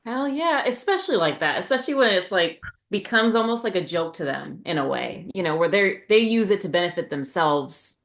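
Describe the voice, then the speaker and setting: A woman chats casually on a podcast, and her pitch moves up and down in a lively, animated way. She mostly backs up the other speaker with quick, supportive agreement. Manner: supportive, reacts with short agreements. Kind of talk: casual chat.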